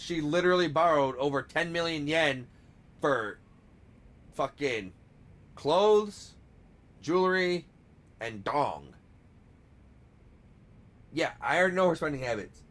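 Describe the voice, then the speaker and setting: A man's voice: fairly high pitch, expressive, unhurried, pauses often, a bit bright. A man hosting a let's play, giving crude, joking gameplay commentary.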